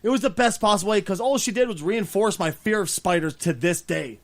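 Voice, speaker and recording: A man hosting a podcast, telling a story in loud, animated, profane banter. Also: sits high, fairly quick. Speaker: podcast host.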